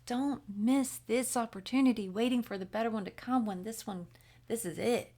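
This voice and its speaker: A woman's voice: on the high side, normal speed, warm tone. A woman giving a casual spoken tarot reading, chatty and blunt, swearing freely and slipping into whispers. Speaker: tarot reader.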